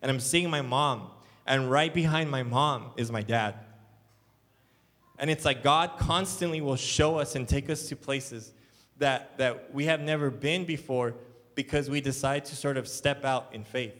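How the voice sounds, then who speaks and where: A man's voice: mid-range voice, a little slow, fairly bright tone. A man, a church elder, preaching a sermon in an earnest, rambling storytelling way with many fillers. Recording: long hall reverb.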